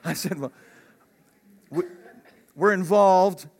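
A man's voice: high voice, extremely slow, a little mellow. A man, a pastor, preaching a conversational sermon that builds to emphatic, raised peaks.

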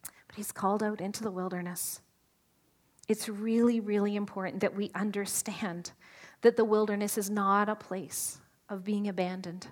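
A woman preaching a sermon, animated and asking her listeners questions, sometimes dropping to a whisper for emphasis. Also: mid-range voice, moderate pace. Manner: animated, asks the audience questions.

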